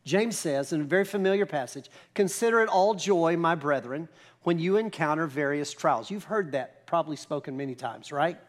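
High-voiced man preaching a sermon. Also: expressive, moderate pace. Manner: conversational preaching with emphatic scripture quotes. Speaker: pastor. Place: church.

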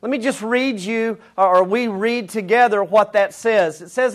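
A man preaches a sermon in a loose, conversational manner, often stopping to restart a thought. His voice sits unusually high for a man. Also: measured pace, few pauses. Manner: conversational, with frequent fillers and restarts. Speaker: pastor.

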